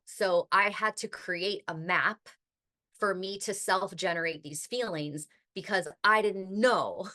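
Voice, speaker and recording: Bright-voiced woman podcast host. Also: fairly low pitch. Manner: chatty, heavy use of "like", occasional swearing. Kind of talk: casual podcast monologue.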